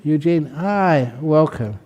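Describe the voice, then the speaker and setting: A Buddhist monk leading a ceremony, calling out names in a casual, joking way and laughing between them. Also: male voice, fairly high pitch, expressive, slow pace, mellow. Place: large hall.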